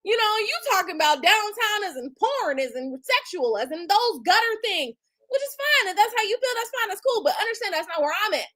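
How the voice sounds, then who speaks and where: A woman in her forties speaks with a very high voice that leaps all over the place as she rants on her livestream. She is blunt and profane, with features, and she talks straight to her viewers in an animated, mocking way. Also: a little fast, few pauses, low-quality recording. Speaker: tarot reader and livestream host. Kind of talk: casual livestream rant.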